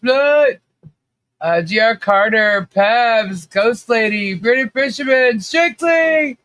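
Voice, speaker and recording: A livestream host with a very high, fairly bright voice, recorded dry, chats casually and calls out viewers by name. Allergies make him a little nasal, and his talk is full of laughs, fillers, and restarts.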